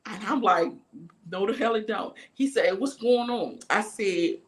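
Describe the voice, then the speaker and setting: A woman's voice: mid-range voice, unhurried. A woman hosting a livestream, telling a story in a casual, profane rant and acting out each voice in it. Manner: animated ranting, profane, acts out every voice in her story. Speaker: livestream host.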